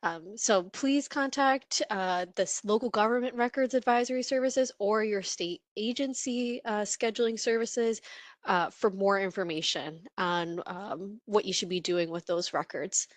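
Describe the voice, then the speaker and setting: A woman's voice: medium pitch, measured pace, no echo. A woman answering as an expert panelist in an online webinar, casual and jokey, with many fillers, speaking into a computer mic on a video call. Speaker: panelist, records imaging expert.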